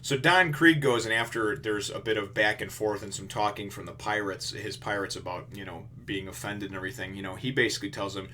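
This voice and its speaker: A man's voice: on the low side, a little fast, few pauses, pushed and bright, a little hiss or hum. A man reviewing a manga chapter in a casual, rambling way, full of fillers and blunt, profane remarks.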